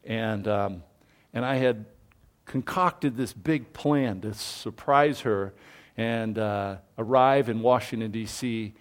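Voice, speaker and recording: Middle-aged guy pastor preaching, storytelling, acts out the quotes, gets loud and excited. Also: lowish voice, slow. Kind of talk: sermon.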